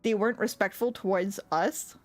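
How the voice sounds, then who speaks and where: A young woman streamer tells a story in a casual chat, her medium-pitched voice moving at a normal pace. She's animated, laughs often, packs her speech with "like," and swears when something annoys her. Soft music plays in the background.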